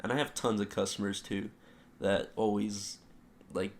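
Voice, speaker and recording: Young male co-host, low-ish voice, casual chatty storyteller who acts out his quotes. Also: measured pace. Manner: animated retelling, heavy use of "like", acts out quotes. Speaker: podcast co-host.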